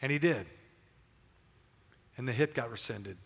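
Telling his story candidly in a sermon, an older pastor often stops and begins again, his words echoing with long reverb through a large church. His medium-pitched voice is slightly rough with vocal fry, and he keeps a measured pace.

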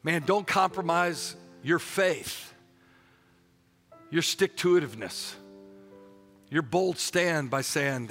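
Fiery, gravelly-voiced preacher man. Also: a little high, slow pace, long pauses, faint music behind. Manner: preaching with rising shouts and call-and-response; joking asides to the congregation. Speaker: pastor. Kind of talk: passionate sermon.

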